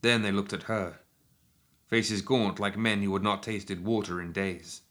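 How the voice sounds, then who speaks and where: A man narrating a written action story in a steady, measured storytelling manner. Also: on the low side. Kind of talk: scripted audiobook narration.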